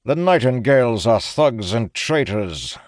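A man reading an audiobook, voicing a smooth, scornful male official who speaks sharply. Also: mid-range voice, expressive, a little slow, dry recording, studio quality, voice pushed up, close to an everyday voice. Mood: sneering.

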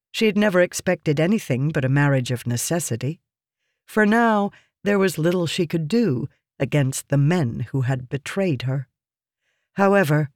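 Higher-voiced man reading a fantasy audiobook. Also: no echo, clean studio sound. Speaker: narrator.

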